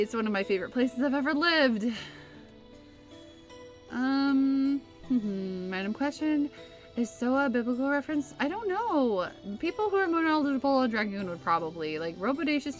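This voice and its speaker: A Bay Area woman from California chats casually while streaming a game, reading her chat aloud and breaking into laughs. Her voice sits high and sounds expressive at a normal speed, with soft music in the background.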